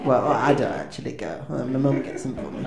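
A man's voice: medium pitch, expressive, a little fast, gravelly. Awkward rambling man, echoey room. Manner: awkward, self-deprecating, hesitant with many ums and restarts. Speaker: comedic frontman of a band. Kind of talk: rambling stand-up patter. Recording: echoey room with faint ambience.

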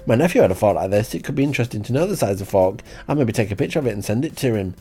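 Man putting on a nonstop chatterbox lady, rambling, voice jumps high now and then. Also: expressive, racing, mellow, husky. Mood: prattling. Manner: rambling, prattling. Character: chatty woman who never stops talking.

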